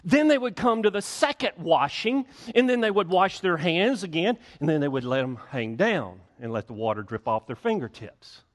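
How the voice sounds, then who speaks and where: A man's voice: fairly high pitch, very animated, moderate pace, few pauses. A middle-aged male pastor preaching a conversational sermon, acting out little everyday dialogues to make his points.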